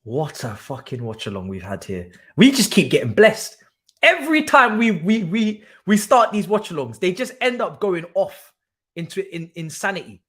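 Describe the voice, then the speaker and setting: A young man hosting a live football watch-along, talking excitably, repeating himself and swearing freely. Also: high voice, normal speed. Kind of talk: live stream reaction commentary.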